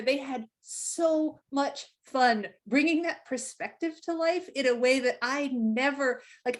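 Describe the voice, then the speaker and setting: A woman game producer chatting on a virtual panel, animated and full of restarts, heard over a video call. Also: high voice. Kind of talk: casual panel chat.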